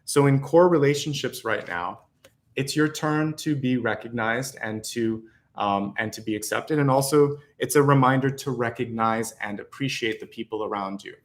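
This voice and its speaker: A man's voice: medium pitch, moderate pace. A man with a mid-range voice gives a tarot reading to his viewers. He talks in a confident, encouraging and easygoing way, with the odd filler as he goes. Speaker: tarot reader.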